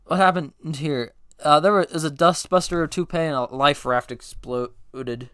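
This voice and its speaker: A man tears through a movie script as a comedic speedrun, voicing every line himself. His voice is smooth and a little high, and he trips over words, backs up and corrects himself with a flat, deadpan delivery. The sound is close and dry, with no room around it. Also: normal speed, no room sound. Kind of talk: rapid comedic script read-through, all parts.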